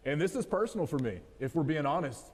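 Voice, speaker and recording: A man's voice: on the high side, very animated, quick pace, a little mellow. A man in his thirties from West Texas with a West Texas accent, giving a joking, folksy motivational talk straight to a live audience. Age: 30s. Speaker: motivational speaker. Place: event hall, live audience. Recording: long hall reverb.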